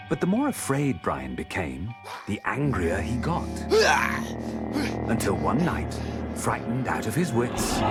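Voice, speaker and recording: A man narrating a rhyming fairy tale in a slow, dramatic storybook style. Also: fairly low pitch. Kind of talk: storybook narration over a film score. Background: orchestral music.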